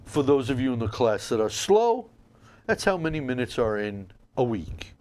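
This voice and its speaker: A combat sports podcast host speaks in a medium-pitched, darkish voice at normal speed, very animated. His solo commentary is casual and showman-like, with playful sign-offs.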